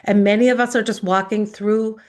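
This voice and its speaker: A woman giving an earnest, emotional speech built around her own life story, with dramatic pauses. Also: medium pitch, fairly even intonation. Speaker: speaker.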